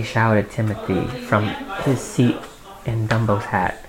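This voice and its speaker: A man reading a storybook aloud to a small child, patient and gentle, answering the child's interruptions. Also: lowish voice, flat delivery, measured pace, poor audio.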